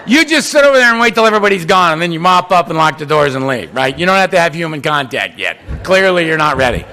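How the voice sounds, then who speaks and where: Bright-voiced middle-aged man telling his story. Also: a little high, fast talker, a little hiss or hum. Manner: animated, acts out quoted voices, swings between loud and hushed. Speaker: speaker sharing his recovery story. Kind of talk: personal storytelling talk. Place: conference hall.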